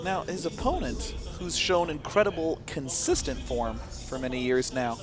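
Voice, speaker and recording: A man's voice: fairly high pitch, lively intonation, moderate pace, a crowd in the background. An American man casting a live strategy game match, analytical and fond of teasing banter. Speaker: esports commentator.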